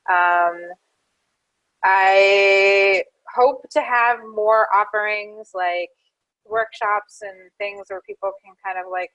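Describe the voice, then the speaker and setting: A Canadian woman joins an interview by video call. Her voice sits in a middle pitch, and she talks in a thoughtful, heartfelt way, leaning on casual fillers. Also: a bit bright, rough recording. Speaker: social worker and activist guest.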